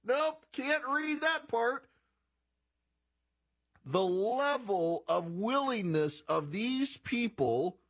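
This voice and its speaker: A man hosting a political radio talk show, with a voice pitched a little high for a man. He reads passages aloud and breaks off into sarcastic, incredulous commentary. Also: fairly bright tone.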